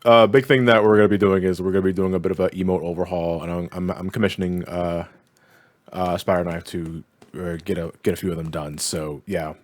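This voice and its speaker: A man's voice: low-pitched, steady tone, a little fast, dry recording. A man hosting a game stream, chatting casually with friends, loose and swearing. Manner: loose and swearing, laughs easily. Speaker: streamer host. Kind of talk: casual chat over gameplay.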